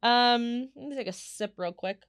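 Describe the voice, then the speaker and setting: A woman in her thirties hosting a casual solo podcast, telling stories in a chatty, animated way with lots of fillers. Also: on the high side, measured pace, clean tone, dry recording, studio quality. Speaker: podcast host.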